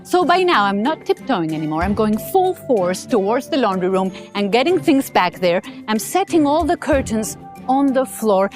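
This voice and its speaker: A woman author giving a motivational talk, telling a personal story in an emphatic, animated way. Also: fairly high pitch, normal speed, soft background music. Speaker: author and speaker.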